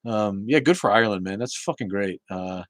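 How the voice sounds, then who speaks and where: A man hosting a casual live talk show, rambling and swearing, with many halting restarts as he answers viewer chat. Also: lowish voice, no room sound, rough recording.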